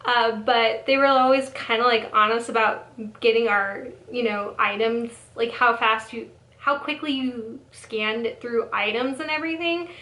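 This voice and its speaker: Young woman, sassy rambling storyteller, bright high-ish voice, echoey room. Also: unhurried, a little hiss or hum. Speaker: storytelling vlogger. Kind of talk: casual storytime.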